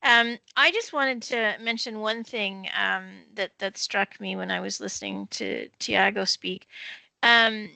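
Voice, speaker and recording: A woman's voice: mid-range voice, unhurried, vocal fry, dry recording, rough recording. A woman speaking as a senior government official on a virtual panel, candid and anecdotal, over a video call. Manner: candid, anecdotal, warm toward colleagues. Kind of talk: panel discussion.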